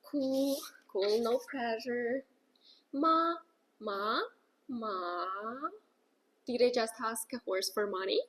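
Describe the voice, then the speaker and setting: A woman's voice: a little high, unhurried, husky. A woman voicing a curious female language student who asks playful, joking questions. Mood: eager, playful.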